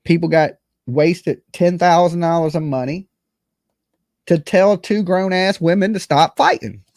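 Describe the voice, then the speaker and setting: A man's voice: a little high, a little slow, a little mellow, no echo, studio quality. A man co-hosting a casual commentary show, blunt and exasperated, cursing often. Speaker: co-host.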